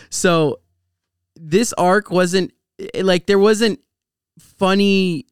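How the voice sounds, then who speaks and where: A man's voice: sits high, very slow, clear, resonant tone, no echo, studio quality. A man co-hosting a podcast in casual chat, laid-back and profane, often laughing as he talks. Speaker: podcast co-host.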